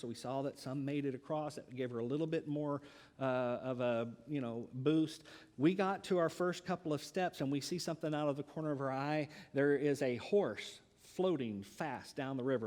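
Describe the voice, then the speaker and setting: Man pastor, sermon storyteller, fairly high voice, echo of a big sanctuary. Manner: lively storytelling with pauses.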